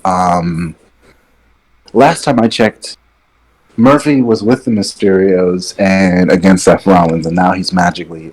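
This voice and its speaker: A man co-hosting a casual wrestling podcast, relaxed and opinionated, sitting some way back from his microphone. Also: sits low, a little slow, poor audio. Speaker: podcast co-host. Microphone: sitting far from his mic.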